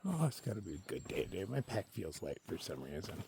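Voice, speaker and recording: Gravelly, chatty man hiking outdoors. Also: low voice, very animated, fairly quick. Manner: chatty, opinionated, talks to himself on the trail. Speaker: solo thru-hiker filming his hike. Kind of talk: casual vlog narration while hiking. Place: outdoors on a forest trail. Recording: faint outdoor noise behind the voice.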